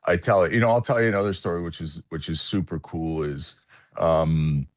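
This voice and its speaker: A man from Canada with a very deep, low voice tells stories in a relaxed podcast chat. He sounds moved and halting, often stumbling over repeated words. The sound is dry and close. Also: dry recording. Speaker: podcast guest, retired hockey player. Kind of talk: casual storytelling.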